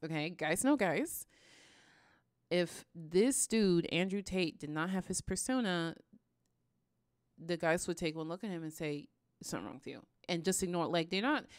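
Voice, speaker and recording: A woman hosting a reaction video, commenting in a casual, animated way with frequent sighs. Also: sits low, no room sound, studio quality. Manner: animated, sighing, ranting.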